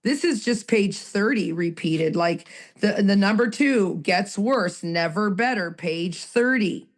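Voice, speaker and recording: A woman's voice: mid-range voice, lively intonation, slow pace. A Canadian-born woman in a recovery roundtable, sharing her story in a raw, emotional, rambling way. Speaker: recovery group participant.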